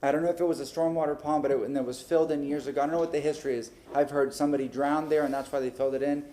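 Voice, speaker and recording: A male city council member airing his frustrations at a public meeting, talking in an animated way and acting out conversations, into a desk microphone in a council chamber. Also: on the high side, very fast, a little hiss or hum.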